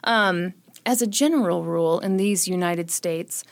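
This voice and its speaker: A woman's voice: on the low side, unhurried, creaky, no room sound. Sarcastic woman podcast host, dry sound. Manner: sarcastic, jokey. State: short on sleep. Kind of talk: true crime storytelling and casual chat.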